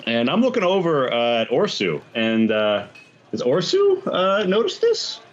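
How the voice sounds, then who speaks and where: Profane, animated man playing a tabletop game. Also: mid-range voice, measured pace, some chatter behind. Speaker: player. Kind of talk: tabletop role-play, casual. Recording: slightly dull lo-fi audio.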